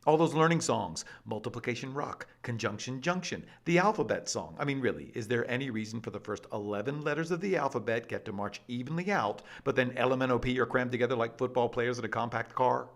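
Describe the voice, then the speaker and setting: A man presenting an energetic scripted explainer with a lively, playful and emphatic delivery. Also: medium pitch, a little fast, hardly any pauses. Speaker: educational presenter.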